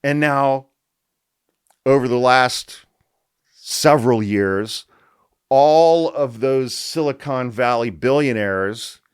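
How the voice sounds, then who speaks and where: A man hosting a podcast, delivering a profane, sarcastic and animated solo rant. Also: fairly low pitch, clear, resonant tone, no room sound, studio quality. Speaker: podcast host. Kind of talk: ranting solo commentary.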